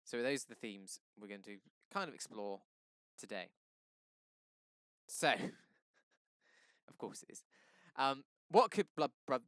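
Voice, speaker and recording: A man's voice: medium pitch, a bit bright, smooth, dry recording, clean studio sound. A male teacher running a live-streamed remote lesson, quizzing the class and answering his own questions, often correcting himself mid-sentence.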